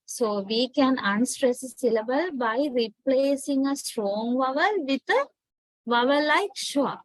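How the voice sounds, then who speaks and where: A woman's voice: high-pitched, expressive, no room sound, low-quality recording. A woman from Sri Lanka with a Sri Lankan English accent, giving an English pronunciation lecture and often checking in with "right?". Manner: slow, deliberate, checks with "right?". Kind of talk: online lecture.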